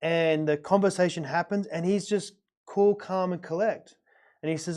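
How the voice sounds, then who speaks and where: Man, middle-aged, from Australia, rambling anecdotes, slightly high voice. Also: steady tone, normal speed. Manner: rambling, repeats words, warm anecdotal. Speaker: podcast host. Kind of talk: casual storytelling chat.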